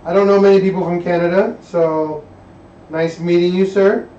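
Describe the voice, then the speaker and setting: A man's voice: high voice, fairly even intonation, moderate pace, mellow. A man hosting a casual live stream from his garage while working on an engine, reading chat aloud and rambling with trailing thoughts and restarts. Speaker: livestream host working on an engine. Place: home garage workshop. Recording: echoey garage, far from a dull mic.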